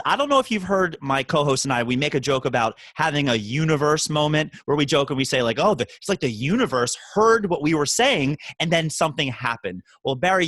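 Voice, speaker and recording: A man's voice: a little high, a bit bright, no echo. A man hosting a podcast, chatting casually and joking with his guest. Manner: playful, joking, quick. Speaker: podcast host.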